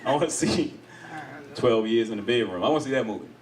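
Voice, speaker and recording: Animated stand-up comedian man, lively pitch. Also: fast talker, distant mic, a crowd in the background. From United States. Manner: animated, laughs often, acts out voices of others. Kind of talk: stand-up comedy with crowd work. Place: live comedy venue with audience.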